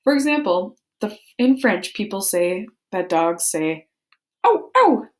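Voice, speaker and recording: A woman's voice: on the low side, animated, unhurried, a little mellow. A woman reading a children's book aloud, playfully acting out the sound words. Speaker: book reader.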